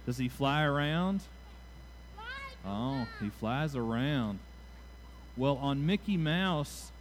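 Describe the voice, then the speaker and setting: A man giving a children's moment during a church service, playful and animated as he draws the kids into call-and-response. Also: on the high side, slight background noise. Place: church sanctuary.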